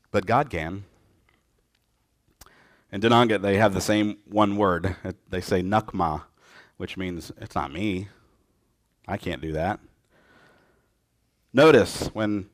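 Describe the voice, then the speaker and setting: A man's voice: fairly low pitch, dry recording, studio quality. A man preaching a sermon, retelling a scripture story and acting out the lines of its people in changing voices. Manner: lively storytelling, acts out quotes in voices.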